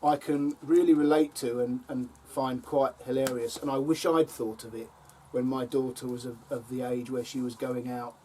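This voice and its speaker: A medium-pitched, warm voice with flat delivery and normal pace belongs to an older man vlogging from his allotment. He tells humorous stories to camera, umming and chuckling often, recorded from a distance with faint outdoor ambience and slight background noise.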